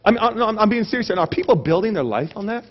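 A man preaching a sermon as pastor, telling a long humorous story in an animated way. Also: high voice, quick pace. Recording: dull recording with long hall reverb.

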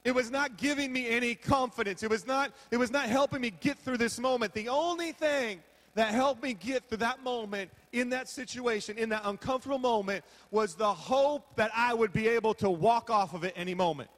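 High-pitched male pastor, joking storyteller sermon from the podium, long hall echo. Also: fairly quick, hardly any pauses, a bit bright. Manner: humorous storytelling, acting out his own reactions.

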